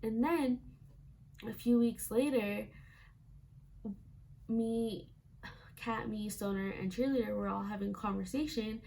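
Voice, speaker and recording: A woman's voice: on the high side, slow pace, vocal fry, pauses often, dark tone, slight background noise. A young woman vlogger telling a casual storytime, chatty and full of "like" fillers, acting out quoted lines.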